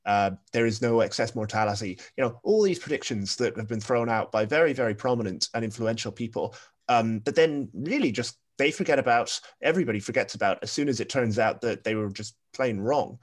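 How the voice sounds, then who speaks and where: A British man with a soft voice, speaking as a guest on a podcast panel and thinking aloud with many pauses and restarts. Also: fairly low pitch. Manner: thoughtful, many ums and restarts. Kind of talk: casual panel discussion.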